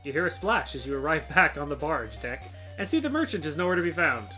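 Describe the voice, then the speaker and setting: A woman's voice: deep voice, big pitch swings, fast, sharp tone, soft background music. A woman streamer reading a video game's story text aloud, with playful asides. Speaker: streamer and game developer.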